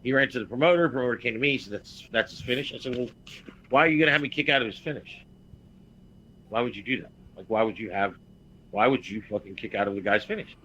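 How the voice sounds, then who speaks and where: A man on a podcast telling a blunt, profane story as a veteran wrestler and getting loud and heated. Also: mid-range voice, fast talker, a little hiss or hum, low-quality recording. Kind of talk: casual podcast chat.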